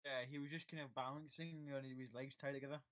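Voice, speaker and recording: A man's voice: mid-range voice, fairly even intonation, quick pace, a bit bright, highs cut off. A man running a tabletop game as game master, casual and swearing freely.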